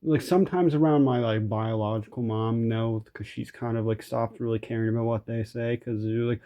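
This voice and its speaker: A man's voice: mid-range voice, fairly even intonation, moderate pace, few pauses, warm tone. A young man venting in a frustrated, rambling rant, swearing often and restarting his sentences. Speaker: vlogger. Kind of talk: ranting vent recording.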